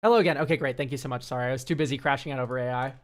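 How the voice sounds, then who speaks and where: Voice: mid-range voice, racing. A streamer who reviews viewer decks, talking casually to chat, ranting and swearing freely.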